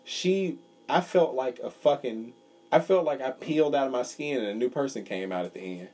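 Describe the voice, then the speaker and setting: A young man with a husky, mellow voice chats casually on a podcast. His pitch swings widely as he tells long, rambling, profane stories. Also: expressive, normal speed. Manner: rambling storyteller, swears freely. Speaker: podcast co-host. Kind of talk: casual chat.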